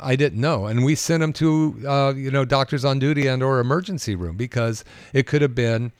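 A man's voice: medium pitch, fairly quick, dry recording. A man who works as a doctor, talking casually on a podcast about his patients, with many fillers and restarts. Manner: conversational, anecdotal, with frequent fillers and restarts. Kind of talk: casual podcast talk, telling patient stories.

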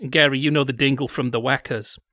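A man's voice: medium pitch, fairly even intonation, a little fast, pushed and bright, dry recording, clean studio sound. A man hosting a casual discussion, wry and analytical as he leads the talk. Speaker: podcast host.

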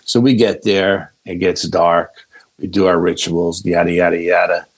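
A man, a podcast guest, telling a story in a casual, laid-back, unhurried way. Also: low voice, little pitch movement, low-quality recording.

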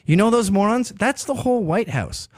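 A man hosts his own podcast in a brash, crude monologue full of sarcasm. His fairly high voice swings widely in pitch as he rants. The recording is dry and close, with no room sound. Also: very animated, moderate pace, a little mellow, dry recording. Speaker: podcast host. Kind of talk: opinionated monologue.

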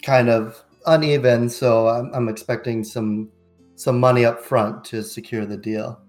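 A man's voice: medium pitch, steady tone, a little slow, darkish tone, soft background music. A man playing a tabletop game, describing his character in a casual, hesitant way. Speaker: player. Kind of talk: tabletop role-play.

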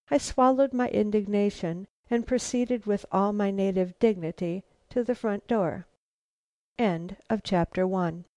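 A woman narrating a novel in a measured, composed reading. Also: mid-range voice, mellow, no room sound. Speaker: audiobook narrator.

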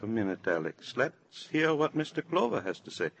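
A man's voice: mid-range voice, very animated, normal speed, creaky. An actor playing a mild, lonely older man in a 1950s radio drama, who speaks in a soothing tone. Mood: genial. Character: lonely older man, genial then shaken. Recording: old radio broadcast recording, faint noise.

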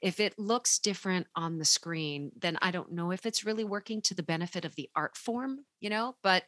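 A woman co-hosting a theater podcast in relaxed chat, affirming and reflective. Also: fairly low pitch, moderate pace, dry recording. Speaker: podcast co-host. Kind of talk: casual chat.

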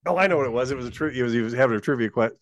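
A man's voice: medium pitch, racing, no echo, studio quality. A man co-hosting a podcast, telling a rambling anecdote in casual chat and laughing at his own story. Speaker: podcast co-host.

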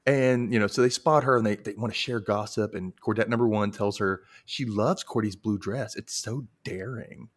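A man's voice: fairly low pitch, normal speed, few pauses. A man hosting a podcast, casually recapping a TV episode and acting out quotes in playful voices. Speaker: podcast host.

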